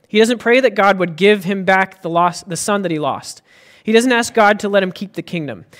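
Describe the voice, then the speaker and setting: A man's voice: high-pitched, a bit bright. A man preaching a sermon as pastor, earnest and emphatic, often restarting his sentences.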